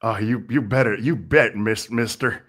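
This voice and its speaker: A man's voice: lowish voice, normal speed, a bit bright. A man voicing a folksy Wild West cowboy with a hammy put-on Western drawl, speaking on a video call. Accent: put-on American Western drawl.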